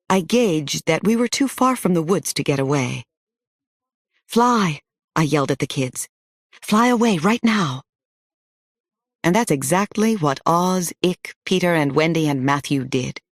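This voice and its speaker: A woman narrating a novel in the first person with steady storytelling. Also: deep voice, no echo, clean studio sound. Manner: steady storytelling, rising to shouts in dialogue. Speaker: audiobook narrator.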